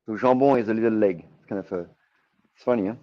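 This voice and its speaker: French-accented chef, dull lo-fi sound. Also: male voice, fairly low pitch, fast talker. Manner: chatty, explains steps plainly with many fillers. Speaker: chef and co-host. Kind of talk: casual cooking chat.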